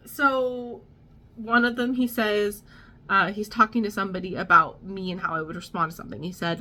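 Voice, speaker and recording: A woman's voice: medium pitch, steady tone, moderate pace, bright, forceful tone. A young woman vlogging at home, talking casually and laughing at herself, with lots of ums and likes. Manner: chatty, laughing, self-deprecating, many fillers. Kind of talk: casual storytime vlog.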